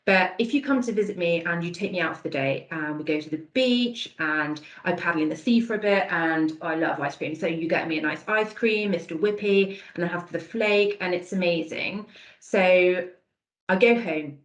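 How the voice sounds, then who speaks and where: A woman's voice: fairly low pitch, moderate pace, roomy sound, low-quality recording. A woman presenting an online dementia awareness session over a video call, with an encouraging, conversational manner. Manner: warm, encouraging, praises answers from chat. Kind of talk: online training talk.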